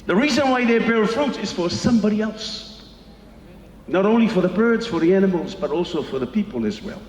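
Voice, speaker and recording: A man with a Samoan accent preaching a sermon, switching between Samoan and English and stressing each phrase slowly. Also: high voice, lively intonation, a little mellow, a little hiss or hum. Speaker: pastor. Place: large church hall. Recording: echoey hall with long reverb.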